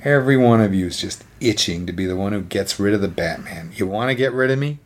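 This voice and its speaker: Dude doing a grim cornered hero voice, brooding and defiant. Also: male voice, fairly low pitch, animated, quick pace.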